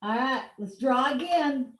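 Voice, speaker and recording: A woman's voice: high-pitched, lively intonation, a little slow, fairly bright tone. A woman teaching a reading lesson over a video call, giving playful, encouraging instructions. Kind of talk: virtual one-on-one lesson. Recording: roomy echo.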